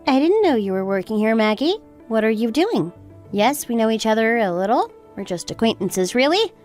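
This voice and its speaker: A woman's voice: a little high, very animated, normal speed, a little mellow. A woman playing a polite, friendly young building owner. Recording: faint background music.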